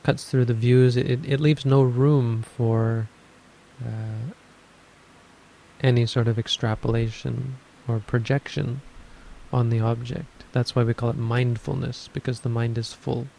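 A man giving a dharma talk on meditation, explaining in a measured way and thinking aloud as he goes. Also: medium pitch, little pitch movement, vocal fry, dark tone, rough recording. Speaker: meditation teacher.

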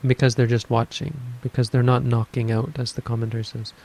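A man giving a dharma talk on meditation, explaining in a measured way and thinking aloud as he goes. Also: mid-range voice, little pitch movement, gravelly, darkish tone, rough recording. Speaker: meditation teacher.

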